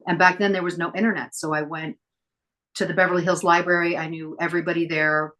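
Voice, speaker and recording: A middle-aged woman telling stories as a podcast guest, chatty and lively as she acts out the people she quotes. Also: lowish voice, fast. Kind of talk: casual storytelling interview.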